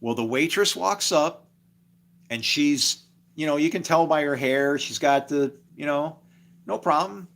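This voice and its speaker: A man's voice: on the high side, unhurried, fairly bright tone. Rambling, chuckling man on a stream. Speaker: livestreamer. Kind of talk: casual live stream monologue.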